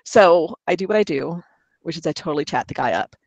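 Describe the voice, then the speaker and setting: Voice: medium pitch, lively intonation, brisk, creaky, no room sound. Host type, chatty rambler who keeps laughing, dry close sound; good for loose storytelling. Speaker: podcast host. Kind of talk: casual group chat.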